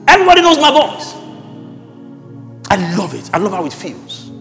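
A man preaching a sermon as pastor, animated and rising at times to shouts. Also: high voice, moderate pace, gravelly, pauses often, long reverb tail, soft background music.

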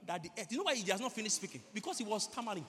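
A man preaching a sermon, switching between earnest teaching, stammering mimicry and quiet prayer in tongues. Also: high-pitched, animated, rapid-fire, long reverb tail, a little hiss or hum.

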